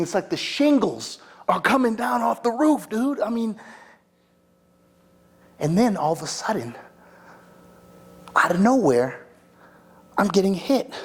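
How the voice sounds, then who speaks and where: A man performing a monologue as a rambling, excitable young party guy who keeps saying "like" and "dude" and restarting his sentences. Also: high voice, husky, exaggerated voice. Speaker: attorney in a monologue workshop.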